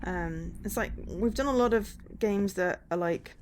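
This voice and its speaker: Woman, game streamer, halting musing chatter, faint background noise. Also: medium pitch, darkish tone. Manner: musing, halting, often trailing off. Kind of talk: casual game commentary.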